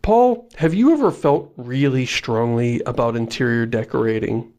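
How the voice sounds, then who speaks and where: A man's voice: medium pitch, moderate pace, darkish tone. A man co-hosting a podcast in casual chat, jokey and self-mocking, laughing often. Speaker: podcast co-host.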